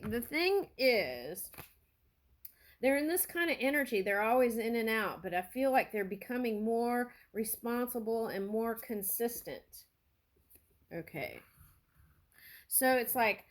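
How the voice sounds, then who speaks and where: Woman, tarot reader, slow unhurried delivery, earnest, emotional, thinking aloud. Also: on the high side. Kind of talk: spiritual tarot reading to camera.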